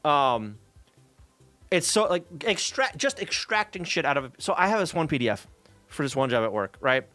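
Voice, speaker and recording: A man venting on a stream in an exasperated, profane way, his pitch jumping up and down. The voice sits a bit higher than most men's and sounds dry and close. Faint music plays behind him. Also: very animated, moderate pace, sharp tone, no room sound. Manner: exasperated, swears freely, many fillers and 'right?'. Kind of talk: casual profane rant about programming.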